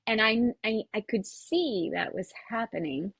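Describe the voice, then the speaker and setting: A woman's voice: fairly high pitch, measured pace, gravelly, a bit bright, breathy edge, no echo. A middle-aged woman, a podcast guest, telling a personal story animatedly, laughing often and swearing freely. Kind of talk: casual storytelling.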